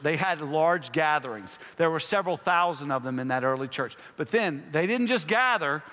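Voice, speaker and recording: A man's voice: a little high, fairly bright tone. A man preaching a sermon to a congregation in a large worship space, emphatic, repeating his phrases and putting questions to the listeners. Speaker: pastor. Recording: long hall reverb.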